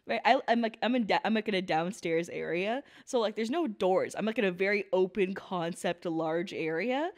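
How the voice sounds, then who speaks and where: A young woman casually reacting to an anime episode at home on a headset mic, animated, laughing a lot and swearing casually. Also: mid-range voice, normal speed, few pauses. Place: large open downstairs room at home.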